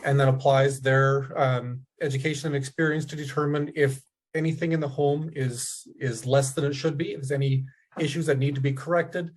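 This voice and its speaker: A man who works as a home inspector, guest on a podcast, explaining at a measured pace with many ums. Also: mid-range voice, fairly even intonation. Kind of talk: explaining in an interview.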